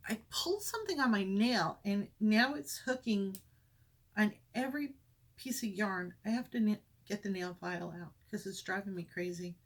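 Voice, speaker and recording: A woman's voice: mid-range voice, a bit bright. A woman hosting a crafting podcast at home, chatting casually and rambling as she shows her projects. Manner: chatty, rambling, self-correcting. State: briefly out of breath. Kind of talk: casual chat. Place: home craft room with windows.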